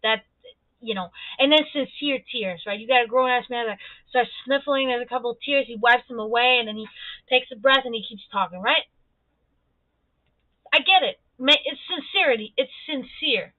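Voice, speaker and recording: A woman streamer rants in a casual, profane, animated way. Her voice sits a little high and sounds close and dry. The audio is thin and phone-like. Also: normal speed, no room sound. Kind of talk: casual opinionated monologue.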